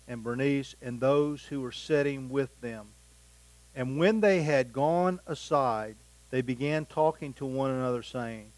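A man's voice: mid-range voice, a little mellow, dry recording, poor audio. A man teaching a Bible passage verse by verse, reading scripture aloud and then explaining it in plain everyday words.

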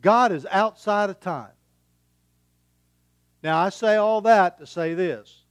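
A man's voice: high voice, slow pace, clear, resonant tone, no echo. A middle-aged man preaching a sermon as a pastor, in a folksy, conversational way with homespun humour and rhetorical questions.

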